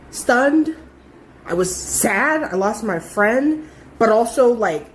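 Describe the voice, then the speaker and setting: A young adult woman telling a story in a casual, animated way, full of swearing and emphasis. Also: medium pitch, slight background noise.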